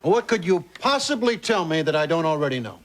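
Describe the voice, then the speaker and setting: A man's voice: fairly high pitch, very animated, brisk, very noisy. A middle-aged man playing a crude, cynical sitcom father who makes wisecracks. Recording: sitcom audio over a loud laugh track. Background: studio audience laughter.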